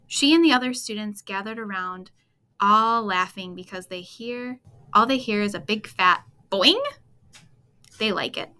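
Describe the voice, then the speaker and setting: A woman reading a children's chapter book aloud at bedtime, expressive and playful, talking to young listeners. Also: medium pitch, a little slow, clean tone. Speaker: storytime reader.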